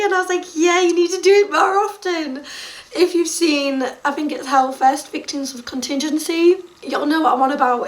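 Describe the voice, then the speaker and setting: A young woman tells a story in a casual vlog. She talks in a gushing, excitable way, full of likes and ums. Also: high-pitched, distant mic. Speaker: music fan vlogger.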